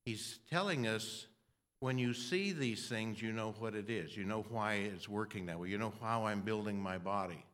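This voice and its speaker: A man's voice: on the low side, moderate pace, a bit bright. Rambling older male preacher. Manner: rambling, self-deprecating, frequent restarts and throat clearing. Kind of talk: sermon.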